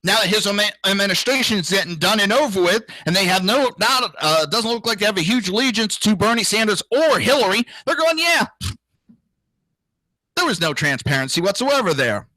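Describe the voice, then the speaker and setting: A man's voice: high-pitched, lively intonation, brisk, hardly any pauses, sharp tone, no echo, low-quality recording. Brash, profane ranting man. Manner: crude, profane, indignant; mocking voices of others. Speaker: political talk show host. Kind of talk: ranting solo commentary.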